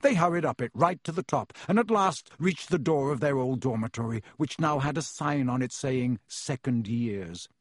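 Husky male audiobook narrator. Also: on the high side, moderate pace, few pauses, no echo, studio quality. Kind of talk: scripted narration.

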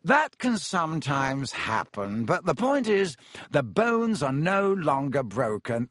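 A man reading aloud and voicing a vain, pompous wizard teacher who talks in a breezy, patronizing, soothing way, with large swoops of pitch. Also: a bit bright, no echo, clean studio sound, heavily acted.

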